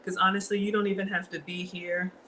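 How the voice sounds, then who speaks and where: A woman's voice: lowish voice, flat delivery, brisk, bright, forceful tone, slight background noise, poor audio. A middle-aged woman with a Southern US accent, chatting casually to live viewers while cooking in her home kitchen. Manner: chatty, greets viewers by name, reads out comments. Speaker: home cook streaming live. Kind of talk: casual livestream cooking chat.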